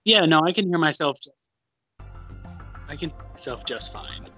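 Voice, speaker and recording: Chatty man streaming, lively and bright. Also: a little high, moderate pace, dull audio, soft background music. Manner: chatty, swears, laughs, talks to a co-host off mic. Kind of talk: casual live-stream chat.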